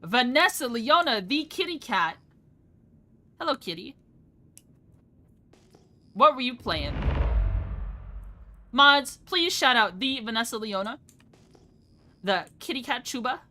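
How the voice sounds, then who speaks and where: A young woman streamer talks to her chat in a bright, forceful voice. She jumps from topic to topic, rambling and laughing along the way. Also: on the high side, sing-song, slow, pauses often, slight background noise. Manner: chatty, rambling, laughs often. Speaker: VTuber streamer. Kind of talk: casual live-stream chat.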